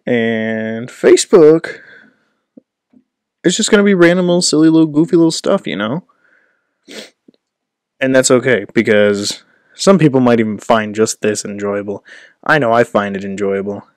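A man's voice: medium pitch, normal speed, long pauses, no echo, clean studio sound. A young man rambling in a casual vlog, self-deprecating, at a home setup with a desk microphone. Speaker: host.

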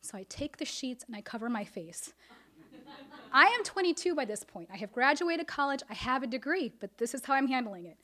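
A woman telling a personal story on stage, animated and expressive, acting out what her family said. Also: high voice, brisk. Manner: animated, acts out family dialogue. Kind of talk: live storytelling performance.

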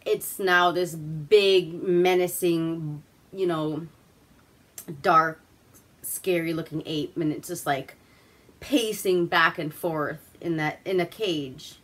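A woman's voice: on the low side, slow, fairly bright tone. A woman from Alaska hosting a casual movie review, rambling through the plot with crude, swearing humor.

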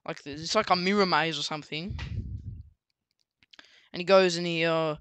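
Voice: mid-range voice, steady tone, moderate pace, a bit bright, clean tone, no room sound. A book reviewer casually recapping a story, rambling with many fillers and restarts.

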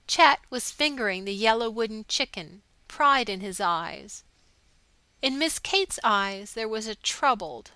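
Woman narrator, measured storytelling, bright tone, dry recording. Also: mid-range voice, no room sound, poor audio. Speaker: audiobook narrator. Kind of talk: scripted narration.

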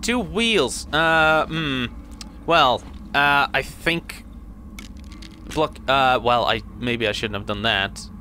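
A man's voice: medium pitch, expressive, slow pace, pushed and bright, a little hiss or hum. A man hosting a gaming channel, giving casual let's-play commentary, chatty and swearing as he reacts to the game.

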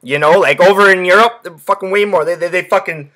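This young guy hosting a casual sports podcast rambles through loose anecdotes, cursing and peppering in fillers. He sounds bright and punchy, a touch high-pitched for a man, and talks quickly.

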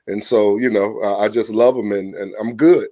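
Southern-accented pastor, lively storyteller. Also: male voice, lowish voice, normal speed, dry recording. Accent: Southern US, Virginia. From Virginia. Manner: animated, exclamatory, storytelling, frequent restarts. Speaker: pastor, podcast guest. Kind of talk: casual church podcast interview.

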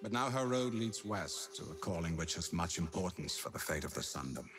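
An actor with a British accent playing a stern, measured male leader who speaks formally in aphorisms. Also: sits low, expressive, fairly bright tone, faint music behind. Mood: solemn.

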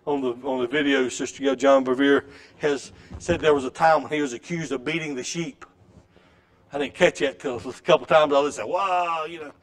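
A middle-aged man preaching a sermon in a church, with a folksy storytelling way that swings between loud and soft. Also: a little high, normal speed. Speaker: pastor. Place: church sanctuary.

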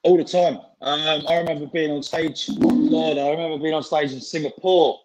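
A man in his forties talks casually, his voice sitting a touch high. He rambles through stories with plenty of fillers and restarts, speaking over a video call. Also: fairly even intonation, moderate pace, noisy background. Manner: chatty, informal, frequent fillers and restarts. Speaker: interview guest, singer and actor. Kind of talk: casual chat.

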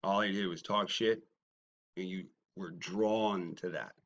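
A man ranting at critics in a response video, mocking and swinging from low muttering to loud shouting. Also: a little slow, lo-fi sound. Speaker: YouTuber. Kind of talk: confrontational response video rant.

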